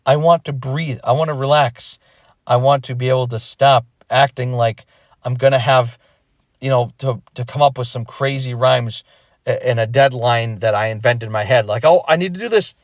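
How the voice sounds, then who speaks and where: A young man talking through his retirement from rap in a casual vlog, animated and emphatic, repeating himself and acting out quick thoughts. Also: medium pitch, no echo, studio quality. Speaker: rapper explaining his retirement.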